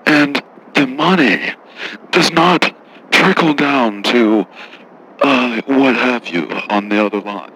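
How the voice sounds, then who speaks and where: A man voicing a snooty, condescending rich caller in a radio comedy bit, talking slowly and patronizingly. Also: mid-range voice, expressive, fairly bright tone, slightly rough, heavily acted, rough recording. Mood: haughty. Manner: slow, haughty, patronizing. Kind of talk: radio comedy prank call.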